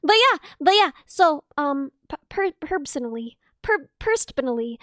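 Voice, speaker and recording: Very high-pitched, excitable young streamer woman. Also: normal speed, dry recording, studio quality. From not Australian. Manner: excitable, gasps and squeals at chat, rambling asides. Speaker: VTuber streamer. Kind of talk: casual stream chat reading chat.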